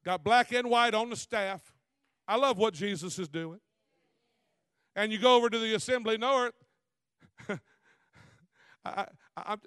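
Animated preacher man, high-pitched. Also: clean tone, dry recording. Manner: folksy, animated preaching with laughs and rhetorical questions. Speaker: visiting preacher. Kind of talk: sermon.

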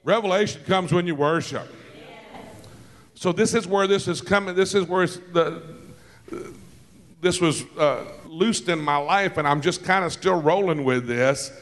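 Man preaching, lively and anecdotal, pitched a bit high. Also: unhurried, long reverb tail. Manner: lively storytelling with asides and laughter; calls out to the congregation. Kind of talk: sermon.

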